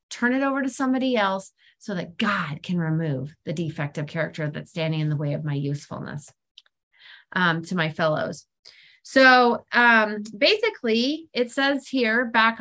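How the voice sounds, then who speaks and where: A middle-aged woman talking candidly about her recovery practice, frank and self-deprecating, growing animated when she quotes herself. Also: mid-range voice. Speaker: speaker sharing on recovery program. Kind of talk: candid personal sharing talk.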